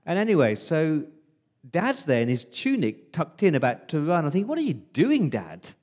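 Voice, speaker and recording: A preacher speaking as an Israelite firstborn remembering Passover night, telling it vividly in the first person. His voice sits a little high for a man and drops to a hush when the story turns dark. This is a dramatic monologue inside a sermon. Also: huge pitch swings, moderate pace. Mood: tense.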